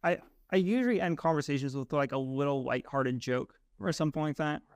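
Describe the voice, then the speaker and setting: A man's voice: fairly high pitch, brisk, clear, resonant tone, no echo, studio quality. A young man from Massachusetts co-hosting a podcast, talking things through reflectively and often checking in with "right?". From Massachusetts, USA. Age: young adult. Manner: reflective, uses fillers like "right?" and "you know". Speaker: podcast co-host. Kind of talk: casual podcast discussion.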